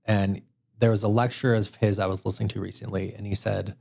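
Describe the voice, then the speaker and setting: A man from Utah hosting a podcast, telling stories in a casual, animated way. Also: fairly low pitch, brisk, vocal fry. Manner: animated storyteller. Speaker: podcast host. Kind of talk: casual interview chat. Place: podcast studio room.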